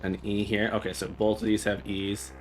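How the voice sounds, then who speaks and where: A man's voice: on the low side, flat delivery, normal speed, crowd noise, low-quality recording. A man hosting a livestream, playing a game and thinking aloud as he sounds out Morse code beeps. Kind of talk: casual livestream chat while playing.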